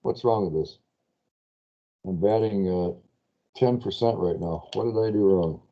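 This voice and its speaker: A man lecturing a class on lease finance in a spreadsheet, chatty and quick to correct his own slips while asking students questions. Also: low-pitched, mellow, lo-fi sound.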